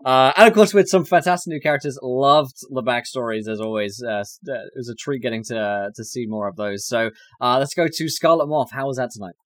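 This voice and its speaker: A man's voice: mid-range voice, brisk, hardly any pauses, dry recording. Brief: male stream host, hyped and profane, close dry mic. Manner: excitable, swears freely. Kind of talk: casual stream wrap-up.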